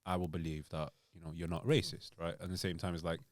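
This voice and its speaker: A man's voice: low-pitched, little pitch movement, fast talker, dry recording, studio quality. A young man joking on a casual comedy podcast, teasing in mock-indignant banter. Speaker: podcast guest.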